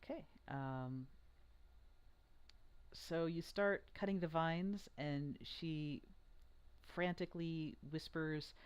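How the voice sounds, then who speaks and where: Hesitant, rambling game master; mid pitch. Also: slow, pauses often, clear, resonant tone. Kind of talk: running an online tabletop game.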